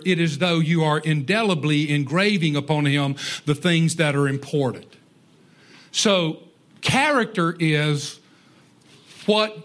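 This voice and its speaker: A man delivers a sermon in a high, bright voice. He talks in a folksy, conversational way and drops joking asides to his congregation. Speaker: preacher. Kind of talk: sermon on parenting.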